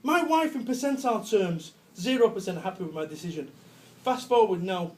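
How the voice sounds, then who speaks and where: Brash high-voiced Manchester man joking onstage. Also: lively intonation, fairly quick. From Salford, England. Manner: brash, jokey, swears, laughs often. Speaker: business speaker. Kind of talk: comic motivational talk.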